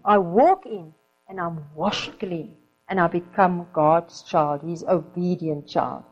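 A woman preaching a sermon, telling a story in a lively way and dropping to a soft whisper for quoted lines. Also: on the low side, slow pace, dull audio.

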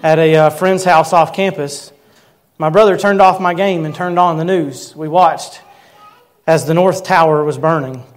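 A man in his thirties preaching a sermon, telling a personal story earnestly and slowing down to stress key words. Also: on the high side, fairly even intonation. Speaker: pastor.

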